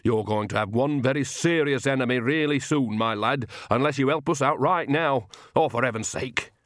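A man's voice: medium pitch, normal speed, a bit bright, no room sound, clean studio sound, close to an everyday voice. A man voicing a cheerful, earthy old woman witch who calls everyone "dear" in a homely way. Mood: brisk.

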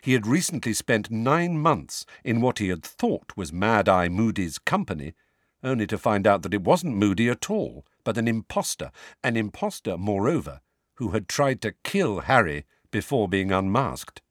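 Expressive male audiobook narrator. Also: fairly low pitch, normal speed, no echo, clean studio sound. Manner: expressive storytelling reading.

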